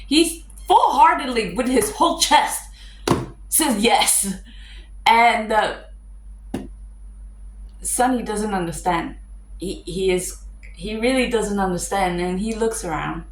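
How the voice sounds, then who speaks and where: A woman's voice: mid-range voice, expressive, takes it slowly, pauses often. Woman, casual vlogger-style film reviewer, chatty with dry asides; roomy echo, faint hiss. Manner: chatty, with fillers and wry asides. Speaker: movie reviewer. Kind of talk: casual movie breakdown.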